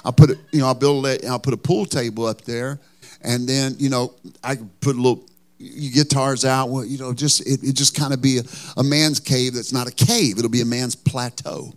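A man's voice: mid-range voice, steady tone, normal speed. A man preaching a sermon as pastor, telling a folksy, joking story.

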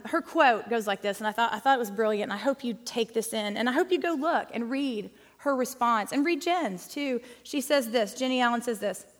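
A woman's voice: a little high, fairly bright tone. A woman speaking to a church group in a chatty, emphatic teaching style, often calling the audience guys and y'all. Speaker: women's ministry speaker. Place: church hall. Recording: long hall reverb.

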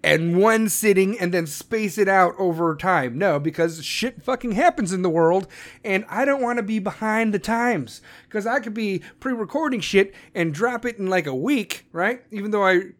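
A man with a notably high-pitched voice hosts his own podcast, talking straight to his listeners. He rants in a brash, swaggering way and swears freely. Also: moderate pace. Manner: brash, profane, ranting. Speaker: podcast host. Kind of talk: casual solo podcast monologue.

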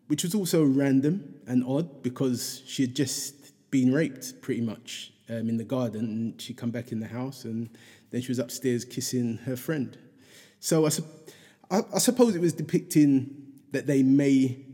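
A man's voice: medium pitch, dark tone, breathy edge, long reverb tail. A middle-aged man, chatting casually and reflectively, rambling with lots of fillers and restarts. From England.

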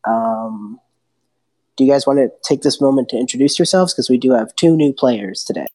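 A young woman running a tabletop game podcast as game master, relaxed and teasing in casual chat. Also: a bass voice, normal speed.

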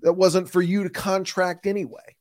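A man's voice: high voice, level tone, moderate pace, a little mellow. A man with a Midwestern accent co-hosting a podcast, explaining things at length in a blunt, chatty way with some mild cursing. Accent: Midwestern American. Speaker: podcast co-host. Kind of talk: casual chat.

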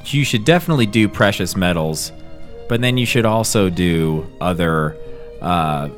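A man improvising a washed-up male hair metal rocker turned financial planner, rambling through a sales patter with sudden shrieked yells. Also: deep voice, lively intonation, moderate pace, soft background music, pitched below the performer's own voice. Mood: rambling pitch. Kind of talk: improvised comedy sketch.

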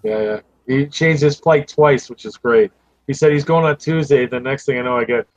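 A man's voice: medium pitch, normal speed, no room sound, lo-fi sound. A man hosting a podcast, chatting casually, asking lots of questions and swearing now and then. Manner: curious, asks many questions, swears casually. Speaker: podcast host. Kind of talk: casual group chat.

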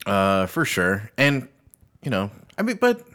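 A man's voice: fairly low pitch, huge pitch swings, unhurried, a bit bright. A young adult man co-hosting a podcast, talking in an easygoing, laid-back way in casual chat. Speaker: podcast co-host.

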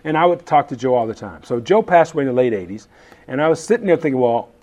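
Chef guest, 50s man, lively storyteller, slightly high voice, laughs often. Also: quick pace. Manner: animated, laughing, acts out quotes. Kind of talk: casual interview storytelling.

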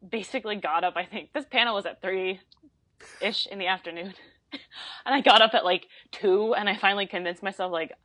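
A woman in her twenties, a podcast guest talking casually, chatty and quick to laugh, with lots of fillers. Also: mid-range voice, bright, forceful tone, no room sound. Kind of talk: casual conversation.

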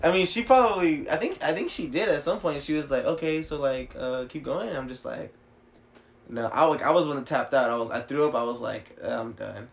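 A man's voice: a little high, fairly quick, gravelly. A young man, co-hosting a podcast and telling a rambling, profane story over faint room noise. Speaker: podcast co-host. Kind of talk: casual chat.

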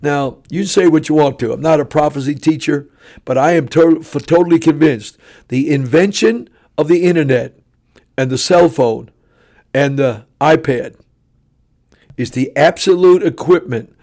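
A man in his seventies, a traveling preacher telling stories in a sarcastic, animated way that often climbs into shouting. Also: a little high, normal speed. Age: 70s.

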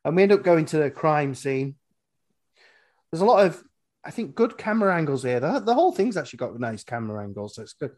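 A man's voice: a little high, very animated, fairly quick, darkish tone. A man hosting a podcast, recapping a horror film in rambling, wry casual chat and swearing freely. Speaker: podcast host.

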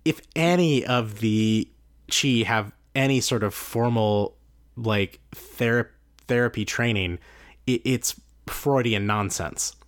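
This man co-hosts a podcast at an unhurried pace, his voice sitting at medium pitch. Going through letters from listeners, he jokes around with dry humor and drops the occasional casual swear.

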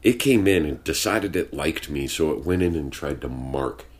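Deep-voiced man telling profane stories. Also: animated, moderate pace. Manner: profane, storytelling, laid-back drawl. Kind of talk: casual chat. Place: home studio with sound blankets.

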